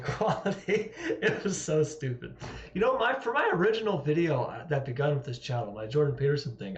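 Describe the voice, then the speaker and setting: A man chatting casually with viewers on a live stream, rambling and self-mocking and laughing often, from home. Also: fairly high pitch. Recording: roomy, dull lo-fi sound.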